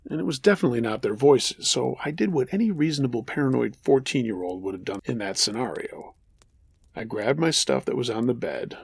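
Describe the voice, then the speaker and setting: A man narrating a true horror story as the host of a storytelling show, measured with dry humor. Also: mid-range voice, creaky, breathy edge.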